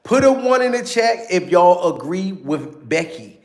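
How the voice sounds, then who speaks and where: Male commentary host, high voice, echoey room, keeps rallying the audience. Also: big pitch swings, measured pace, darkish tone. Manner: repetitive, hyped, addressing viewers. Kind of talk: reaction commentary.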